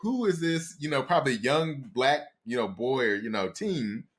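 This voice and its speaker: A man from Columbus, Ohio, a psychotherapist talking as a podcast guest, reflective and halting as he searches for his words. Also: medium pitch, expressive. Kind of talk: casual interview conversation.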